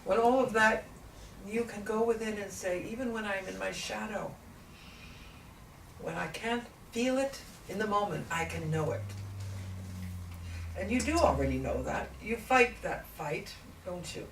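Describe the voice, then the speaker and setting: A woman in trance channeling a gentle, patient ancient male spiritual teacher, speaking slowly and deliberately with many rhetorical questions. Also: mid-range voice, gravelly. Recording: echoey room, distant mic, faint noise.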